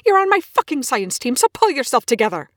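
A woman voicing an impatient, sharp-tongued male scientist, reading him as a husky, sarcastic man who snaps his lines. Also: medium pitch, animated, brisk, no echo, studio quality. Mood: snapping. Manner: snapping, sarcastic, forceful.

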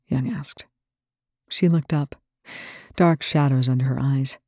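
A woman with a gravelly, husky voice reading a story aloud as narrator. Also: extremely low pitch, moderate pace, dark tone, no room sound, clean studio sound. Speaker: audiobook narrator. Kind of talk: reading fan fiction aloud.

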